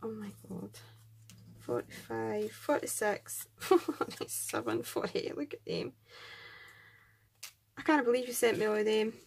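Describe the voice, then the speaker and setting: A woman's voice: mid-range voice, wildly swooping pitch, unhurried, vocal fry, pauses often, a little hiss or hum. A Scottish woman hosting a craft channel, chatting casually and gushing as she unboxes and counts items aloud. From Scotland.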